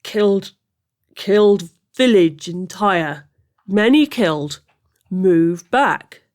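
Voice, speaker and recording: A weary, grim male elf captain who speaks in slow, broken phrases with a heavy foreign accent, as a woman reads his lines. He gives blunt commands in an audiobook reading. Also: medium pitch, expressive, a little mellow.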